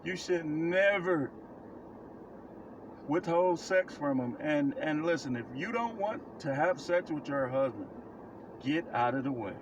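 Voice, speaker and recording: A man preaches advice straight to camera, blunt and emphatic, hammering points with repetition. His voice sits a touch high for a man. Faint vehicle noise hums in the background. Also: lively intonation, slow pace, highs cut off. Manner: blunt, emphatic, repeats himself for stress. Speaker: self-described prophet giving life advice. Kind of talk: casual preaching monologue to camera.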